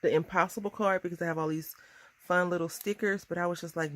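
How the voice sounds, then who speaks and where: A woman in her thirties chatting casually through a crafting tutorial, bubbly and quick to laugh at herself. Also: on the low side, steady tone, a bit bright. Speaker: crafting vlogger.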